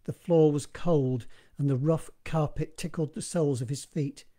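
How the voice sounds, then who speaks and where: A man narrating his own horror story in a steady, measured reading, recorded in one live take. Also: fairly high pitch.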